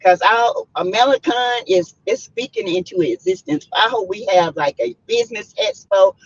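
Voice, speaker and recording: A woman's voice: a little high, huge pitch swings, moderate pace, creaky. A woman hosting a casual live stream, chatting and greeting viewers by name. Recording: dull lo-fi stream audio.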